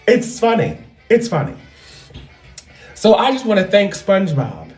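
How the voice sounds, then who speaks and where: A woman comedian talking loudly and animatedly in a casual, profane monologue into a microphone. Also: medium pitch, big pitch swings, unhurried. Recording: roomy echo with faint music.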